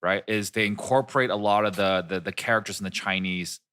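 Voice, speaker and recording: A man chatting casually as host of a stream, animated and laughing often while he acts out accents. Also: lowish voice, a little fast, clean tone. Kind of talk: casual chat about accents.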